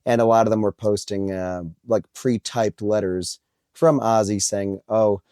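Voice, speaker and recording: A male podcast host asking questions in a relaxed, halting way. His voice is low and mellow, recorded dry and close. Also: smooth, no echo. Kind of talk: interview questions.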